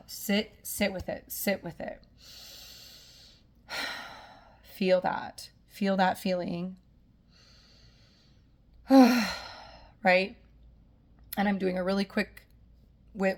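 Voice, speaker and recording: Chatty woman coaching emotional healing. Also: mid-range voice. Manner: casual, full of "like" and "right?"; soothing, guiding the listener. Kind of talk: motivational coaching talk.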